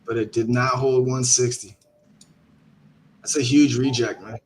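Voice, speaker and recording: A man hosting a live trading stream over online voice chat, with a middle-pitched voice. He is laid-back and slangy and thinks out loud as he walks through the charts. There is a faint noise under his voice. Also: steady tone, measured pace. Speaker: livestream host and trader. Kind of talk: casual live trading commentary.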